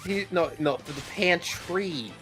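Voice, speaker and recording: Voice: mid-range voice, fairly bright tone, faint music behind. A player in casual gaming banter who teases friends and laughs easily. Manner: teasing, quick to laugh.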